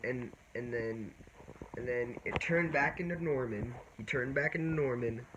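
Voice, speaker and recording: A man giving a casual spoiler movie review, rambling and halting with many restarts. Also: medium pitch, highs cut off. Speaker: vlogger. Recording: noisy background.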